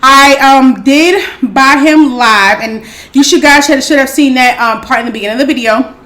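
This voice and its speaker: A woman hosting an eating show, chatting casually and excitedly to her viewers, calling them y'all. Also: high-pitched, moderate pace. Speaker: mukbang host.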